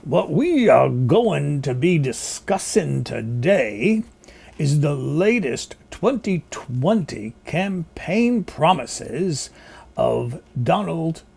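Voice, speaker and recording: A man doing an impression of a slow, emphatic male commentator, drawing out every word. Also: on the high side, big pitch swings, vocal fry, darkish tone, husky, full character voice. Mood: solemn. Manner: very slow, drawn-out, emphatic delivery. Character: slow, booming older male preacher-commentator.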